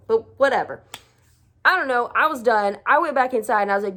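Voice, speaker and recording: A woman's voice: mid-range voice, lively intonation, normal speed, a bit bright. A young woman with a lilt tells a personal story in a loose, chatty vlog manner. She pokes fun at herself as she goes and acts out what the other people said. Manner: chatty, self-deprecating, acts out quoted voices. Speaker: vlogger. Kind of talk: casual storytelling.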